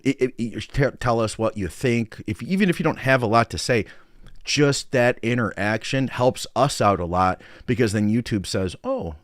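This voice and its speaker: A man's voice: on the low side, dry recording, clean studio sound. Chatty American man hosting a live stream. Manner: upbeat, chatty, reads out viewer comments. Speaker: podcast host and coach. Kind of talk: casual live-stream chat.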